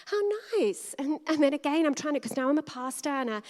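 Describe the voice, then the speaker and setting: Woman pastor preaching casual style, lots of little laughs and voices for what people said, slightly high voice, big reverby church room. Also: steady tone, quick pace, darkish tone. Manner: chatty, laughs often, acts out quoted dialogue. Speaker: co-lead pastor. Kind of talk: conversational sermon storytelling. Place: church hall. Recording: long hall reverb.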